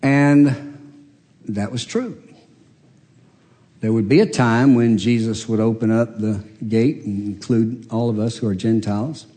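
A man delivers a sermon from the pulpit, moving at an unhurried, deliberate pace. He retells a story and slips into the voices of its characters. His voice rings out with a long reverb tail in a large church hall. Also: on the low side, dark tone. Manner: storytelling preacher, acts out quoted voices. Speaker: pastor.

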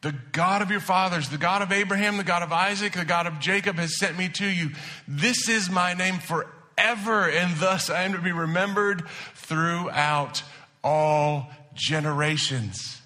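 A man preaching a sermon to his church, moving between hushed asides and emphatic declarations. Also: high-pitched, measured pace. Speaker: pastor.

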